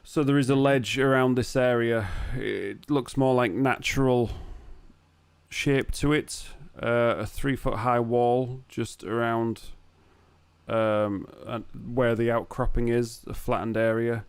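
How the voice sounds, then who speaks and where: A man with a Northern English accent running a tabletop game as dungeon master, narrating scenes in an unhurried way with pauses and fillers. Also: medium pitch, fairly even intonation, smooth, no room sound.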